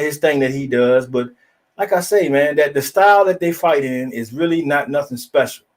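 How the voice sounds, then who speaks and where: A man hosting a casual boxing talk show, blunt and profane, telling animated stories. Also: on the high side. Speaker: podcast host.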